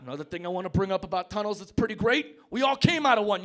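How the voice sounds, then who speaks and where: Brash high-voiced comic debater. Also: male voice, lively intonation, very fast, few pauses. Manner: brash, mock-tough, swinging between shouting and mock-sobbing. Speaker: comedy debater. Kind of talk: stand-up comedy argument. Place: pub stage before a live audience.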